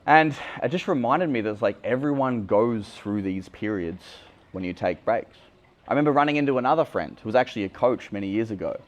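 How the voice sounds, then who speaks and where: A man's voice: medium pitch, expressive, fairly quick, dull audio. A young Australian man, a dating coach, talking casually and bluntly with frequent swearing. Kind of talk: candid vlog monologue.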